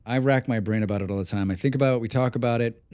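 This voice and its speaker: A man with a medium-pitched, darkish voice talks quickly and casually while live-streaming a game. He rambles and thinks out loud, restarting often and swearing now and then. He is from abroad and lives outside the country where he was born.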